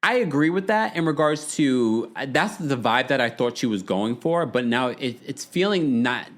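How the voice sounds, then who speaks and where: A man's voice: medium pitch, animated, normal speed. A man hosting a reality TV recap show. He reads viewer comments aloud, laughs often and repeats words when he restarts a sentence. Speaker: podcast host. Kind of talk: reality TV recap with live chat.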